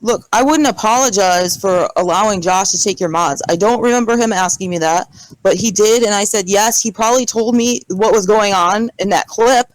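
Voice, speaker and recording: A woman's voice: medium pitch, moderate pace, no room sound, low-quality recording. Defensive woman pleading on voice chat. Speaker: Discord server owner.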